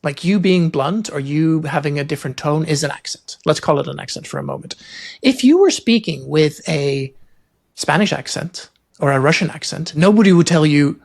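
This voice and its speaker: A man hosting a podcast interview, chatting casually and thinking aloud with animated quoted asides. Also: fairly high pitch, moderate pace, vocal fry. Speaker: podcast host.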